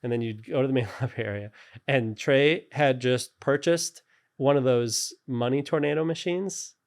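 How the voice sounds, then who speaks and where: A man's voice: medium pitch, normal speed. A man telling stories in a casual interview, rambling and laughing often. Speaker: character animator guest.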